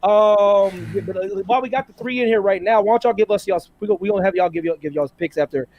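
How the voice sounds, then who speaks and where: A man's voice: sits high, fast talker, highs cut off. A man hosting a casual livestream debate show, talking in loose slang and hyping up his chat. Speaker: host.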